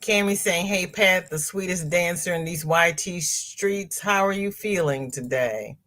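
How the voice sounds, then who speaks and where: Middle-aged woman chatting slow on her stream at home, kinda low voice, lots of ooh and laughs. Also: fairly bright tone. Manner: chatty, exclaims and laughs while reading comments. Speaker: host reading live chat. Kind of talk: casual livestream chat.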